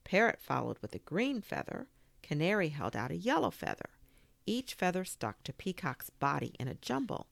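A woman reading a children's story aloud as a podcast host, gentle and expressive. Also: lowish voice, normal speed, vocal fry, no echo.

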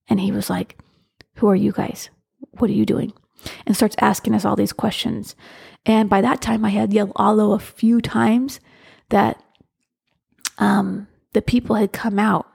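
A woman's voice: medium pitch, little pitch movement, normal speed, gravelly, a little mellow, slightly rough. A woman hosting a podcast, speaking earnestly in casual solo talk, with frequent restarts as she tells a personal story. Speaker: podcast host.

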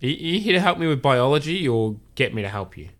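A man's voice: medium pitch, very animated, fairly quick, natural voice. Cocky young man, read by a male podcaster, dry and sarcastic.

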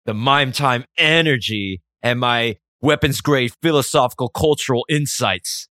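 A man's voice: mid-range voice, a little slow, sharp tone, dry recording, studio quality. A man hosting his own podcast, talking alone in a rambling, self-reflective way with frequent swearing. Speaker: podcast host. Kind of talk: solo podcast monologue.

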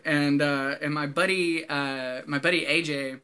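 A man, a former Marine, telling a story in casual chat, animated and profane, often laughing as he talks. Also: fairly high pitch, a little slow, clear, resonant tone.

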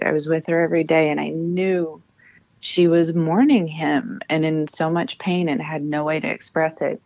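A woman in her thirties, a military spouse and author, tells her family's story in an interview with earnest emotion, often restarting her sentences. Her voice sits low and is a little mellow, and the dry recording sounds dull.

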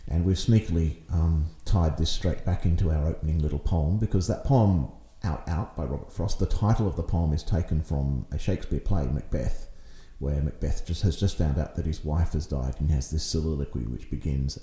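Podcast host, male, low mellow voice, reflective explainer, roomy echo. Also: moderate pace, few pauses. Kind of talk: casual discussion.

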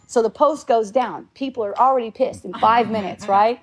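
A woman's voice: a little high, normal speed. A woman in her fifties talking casually to a group, rambling with restarts, swearing freely and laughing often. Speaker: speaker in a group talk.

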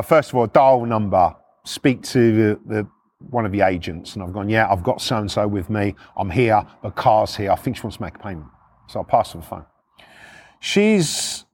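A middle-aged man, a former repossession agent, telling blunt, sweary stories in a casual way. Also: fairly low pitch. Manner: blunt, sweary, animated retelling. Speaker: former repo man storyteller. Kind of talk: casual storytelling.

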